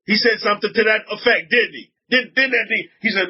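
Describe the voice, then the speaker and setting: A man's voice: high voice, a little fast, few pauses, husky, lo-fi sound. A man with a Southern US accent giving an informal religious talk to a group. He repeats himself and keeps asking his listeners rhetorical questions. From Southern United States. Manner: repetitive, restarts a lot, fires rhetorical questions at listeners. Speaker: religious teacher addressing a group.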